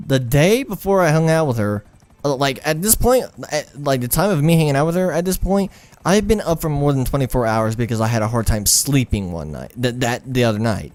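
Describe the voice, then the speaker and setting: A man's voice: medium pitch, expressive, a little fast, darkish tone, no echo. A young man telling a personal story over gameplay in a rambling, profane, frank way. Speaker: gaming storyteller.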